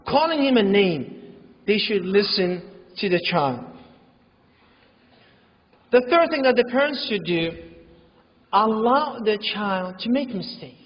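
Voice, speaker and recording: A man with a strikingly high voice gives an informal, conversational sermon, often slipping into the voices of the people he describes. The sound is muffled and lo-fi, with a long echo from a mosque hall. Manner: acts out parents and children in quoted voices; informal, repetitive, uses religious phrases. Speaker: imam giving a talk. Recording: echoey hall, dull lo-fi sound.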